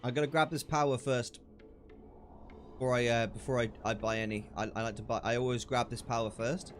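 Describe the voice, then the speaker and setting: A man chatting casually on a live stream while gaming, excitable and quick to laugh, often restarting his sentences. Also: medium pitch, faint music behind. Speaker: livestreamer.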